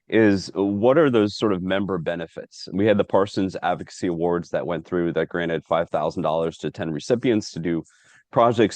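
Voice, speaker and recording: Deep-voiced man hosting over a video call. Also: dry recording. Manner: relaxed, explanatory, some filler. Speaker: host. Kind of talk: casual video-call interview.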